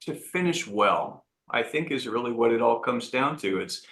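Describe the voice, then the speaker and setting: Earnest man with a bright voice. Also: mid-range voice, animated, reverberant. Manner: earnest, halting with restarts. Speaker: entrepreneur guest. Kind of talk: reflective interview talk.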